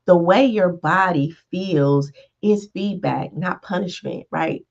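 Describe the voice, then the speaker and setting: Speaking slowly with vocal fry, a woman on the low side hosts a podcast as a life coach. The sound is lo-fi, and her casual motivational monologue is conversational, full of "right?" and "all right" check-ins.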